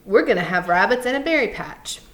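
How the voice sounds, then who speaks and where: A woman reading aloud, voicing a big, childlike, slow-witted farmhand in a higher, louder voice, pleading and insistent. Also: big pitch swings. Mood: worried. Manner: pleading, insistent, simple speech.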